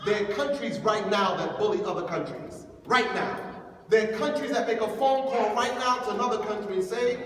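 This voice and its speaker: A man giving an animated lecture to young people, acting out the voices of the people he quotes. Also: high-pitched, normal speed. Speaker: imam giving a youth lecture. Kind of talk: lively motivational lecture. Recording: echoey hall from far off, faint noise.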